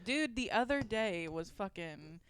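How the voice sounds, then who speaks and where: A woman on a casual podcast chat, defensive and quick with retorts. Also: medium pitch, expressive, smooth. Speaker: podcast co-host.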